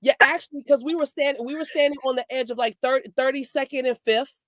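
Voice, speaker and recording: Woman host, high voice, teasing and jokey, dry close sound on a video call. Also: steady tone, fairly quick, dry recording. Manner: teasing, joking, breaks into laughter. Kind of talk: playful chat with guests.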